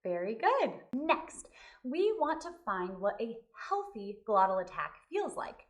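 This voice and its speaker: A woman voice teacher giving a vocal lesson, explaining clearly and singing short demonstrations. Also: fairly high pitch, sing-song, a little slow, distant mic, soft background music.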